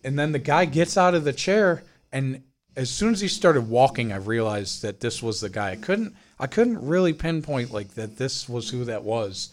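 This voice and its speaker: A young man casually telling a story on a podcast, lively and full of swearing, acting out the people he quotes. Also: mid-range voice, moderate pace. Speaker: podcast co-host.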